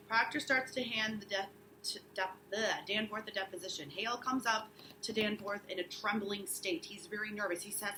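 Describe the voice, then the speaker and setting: Woman teacher reading a play out loud in class, bright and bouncy, faint room noise. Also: medium pitch, brisk, roomy sound, poor audio. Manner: reads all the parts, rising and loud for shouted lines.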